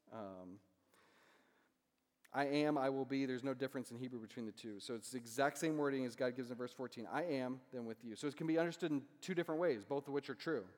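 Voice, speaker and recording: Conversational preacher in a reverberant hall. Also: male voice, mid-range voice, a little mellow. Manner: conversational, asks "right?" often. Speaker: pastor. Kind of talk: sermon.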